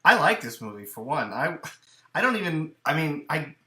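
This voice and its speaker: A man co-hosting a movie podcast in casual chat. He talks with animated energy and often restarts his sentences. His voice is bright and forceful, and it rings in an echoey room. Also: fairly high pitch, moderate pace. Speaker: podcast co-host. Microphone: headphones and studio mic.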